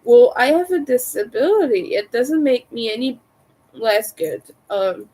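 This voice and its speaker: Slow-talking woman with a French accent. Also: fairly high pitch, big pitch swings, warm tone, rough recording. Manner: carefully overpronounces her T's. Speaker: crochet livestreamer. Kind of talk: casual livestream chat.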